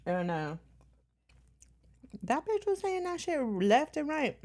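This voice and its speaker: A woman's voice: high-pitched, big pitch swings, slow pace, a little mellow. A woman streamer talking bluntly and profanely in a casual reaction stream.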